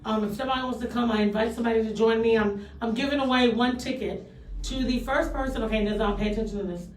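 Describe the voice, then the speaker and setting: A woman hosts a radio show in loose, joking chat and swears freely now and then. Her voice sits a little high and comes across from a step back off the mic. The studio is roomy, with a faint hiss behind her. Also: fairly even intonation, fast talker, recorded from a distance. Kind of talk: casual on-air chat.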